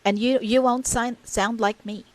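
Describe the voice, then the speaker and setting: A woman's voice: a little high, steady tone, a little slow, no room sound. Blunt Filipino woman giving hiring advice. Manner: blunt and candid, switching between English and Tagalog, many fillers. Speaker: virtual assistant hiring interviewer. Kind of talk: casual advice monologue.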